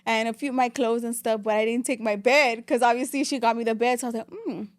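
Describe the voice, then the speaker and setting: A young woman, telling her story as a podcast guest in a rapid, animated way and switching between English and Spanish. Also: fairly high pitch, no room sound. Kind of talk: casual interview storytelling.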